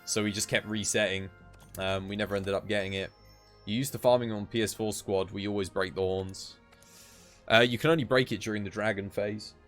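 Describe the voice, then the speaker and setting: A man's voice: lowish voice, fairly even intonation, a little fast, fairly bright tone, soft background music. A tired man, chatting casually while live-streaming a game and giving gear advice. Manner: chatty, laid-back, gives gear advice.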